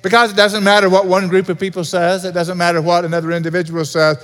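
A pastor delivering an earnest sermon in a church, repeating key points for emphasis. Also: male voice, high voice, flat delivery, fast talker, a bit bright. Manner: earnest preaching with repetition. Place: church sanctuary. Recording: reverberant hall.

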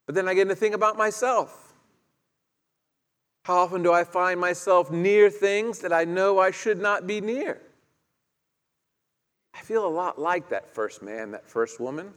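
A preacher with a high-pitched, slightly bright voice keeps a measured pace and pauses often. He retells the story conversationally and asks his listeners questions, his words echoing with long reverb through the hall.

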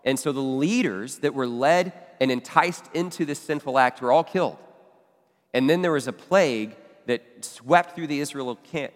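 A male pastor gives a teaching sermon in a conversational way, tossing in asides and quick questions to his listeners. His voice sits at a medium pitch. A long reverb trails behind his words, as in a church hall. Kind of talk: expository sermon.

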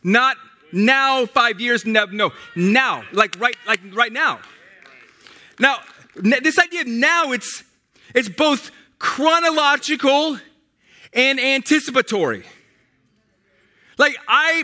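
Very high, bright-voiced man preaching. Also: expressive, slow pace. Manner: emphatic and repetitive, with many restarts. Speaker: pastor. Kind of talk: sermon.

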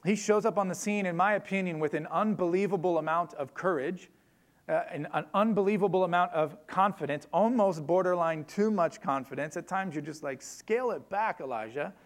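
A man's voice: high-pitched, fairly quick. A man preaching a sermon in a church, talking in an emphatic, conversational way with asides to the congregation. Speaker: pastor.

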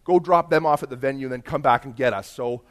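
A man preaching a sermon, telling a story and rising into loud emphatic bursts. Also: medium pitch, quick pace. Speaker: pastor.

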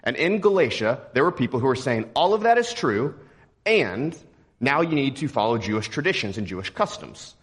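A young man from Texas preaching a sermon in a relaxed, joking, conversational way. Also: medium pitch, moderate pace, breathy edge. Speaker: pastor.

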